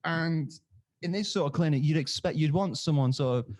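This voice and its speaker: A man's voice: fairly high pitch, brisk, a little mellow. A man in his twenties, a podcast guest, telling a story with crude humor and acting out the other voices. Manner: candid, crude humor, acts out quoted voices. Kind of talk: casual storytelling.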